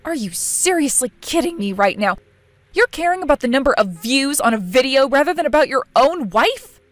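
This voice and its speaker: A woman's voice: high-pitched, expressive, moderate pace. A woman voicing a humiliated young bride in an acted relationship story, indignant and accusing. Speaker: voice actor in a story video. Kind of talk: scripted voice acting. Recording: faint background music.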